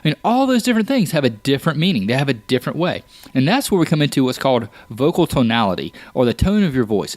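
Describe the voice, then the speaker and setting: A man's voice: mid-range voice, no room sound. A man hosting a podcast, talking casually and explaining ideas with everyday examples, often restarting his words. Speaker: podcast host. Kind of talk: casual solo podcast talk.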